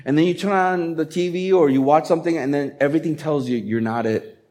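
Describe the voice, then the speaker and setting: A man preaching a sermon as a pastor, speaking in a conversational, animated way and acting out quotes. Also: on the high side, brisk.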